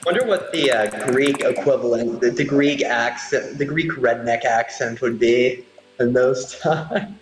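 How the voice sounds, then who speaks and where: A man's voice: mid-range voice, a little slow, noisy background. A man casually chatting and asking curious questions as co-host. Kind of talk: casual chat. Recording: echoey room with long reverb.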